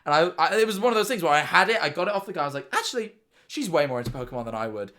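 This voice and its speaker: Bright-voiced excitable young male streamer. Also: fairly high pitch, very fast. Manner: excitable, swearing, rambling with restarts. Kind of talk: casual reaction stream.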